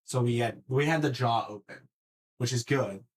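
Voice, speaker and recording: On a casual podcast, a man with a mid-range voice tells an animated story at a moderate pace. He swears freely and keeps restarting his sentences.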